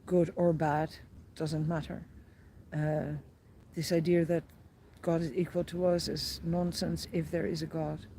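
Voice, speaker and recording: A woman with a slightly low, mellow voice talks through her pilgrim's diary in an earnest, rambling way, full of fillers and restarts. A faint hum of background noise sits under the recording. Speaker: pilgrim vlogger. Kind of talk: reflective personal diary vlog.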